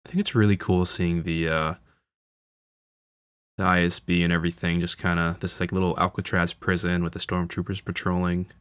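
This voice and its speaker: A man's voice: low voice, level tone, moderate pace, a bit bright, clear, resonant tone, dry recording. A man hosting a casual film commentary, talking like an enthusiastic fan with frequent fillers and restarts. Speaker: channel host.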